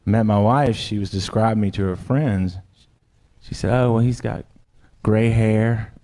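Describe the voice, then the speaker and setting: A man's voice: lowish voice, a little slow, dark tone. Crude, self-mocking male stand-up comic. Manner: crude, self-deprecating confessional jokes; works the crowd with direct questions. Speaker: stand-up comedian. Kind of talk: stand-up comedy set. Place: comedy club stage before a laughing audience.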